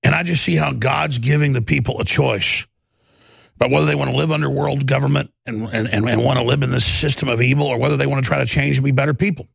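A male radio talk show host, ranting in a heated monologue with stammered restarts and bursts of shouting. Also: mid-range voice, steady tone, fast talker, dry recording, clean studio sound. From Texas. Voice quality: gravelly.

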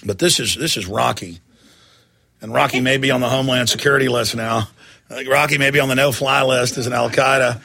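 A man hosting a live talk radio show, loud and hyped, shouting during a fundraising pitch. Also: fairly even intonation, a little fast, vocal fry.

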